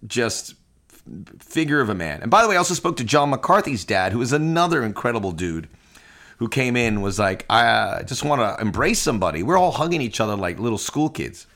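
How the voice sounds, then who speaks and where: A man hosting a soccer podcast, telling a heartfelt personal story with animated quoted dialogue. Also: medium pitch, brisk. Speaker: podcast host.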